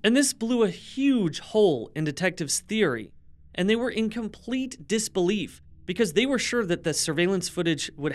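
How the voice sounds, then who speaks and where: A man co-hosts a true-crime podcast, trading easy remarks and reading through the case. His voice sits a little high and sounds smooth and clear. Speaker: podcast co-host. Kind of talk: casual true-crime podcast chat and narration.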